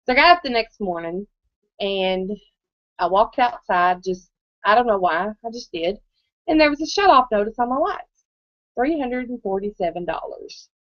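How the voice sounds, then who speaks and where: A woman in her thirties shares a live motivational testimony at a moderate pace, her mid-range voice full of lively intonation. She tells her story chattily, checking in with the audience often. The audio is dry, muffled and dull, with no room sound.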